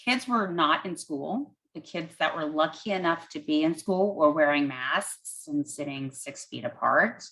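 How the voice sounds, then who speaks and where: A woman physician fielding audience questions in a somewhat low voice. She explains things step by step in plain, everyday terms. She pauses on an "um" as she works out her answer. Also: animated, fairly bright tone, poor audio. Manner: thinks aloud with frequent "um".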